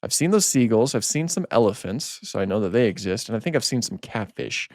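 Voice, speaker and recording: Lively, animated man playing a game. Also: fairly low pitch, a little fast, dry recording, clean studio sound. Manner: animated, easily startled, repeats himself. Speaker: gaming channel host. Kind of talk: casual let's-play commentary.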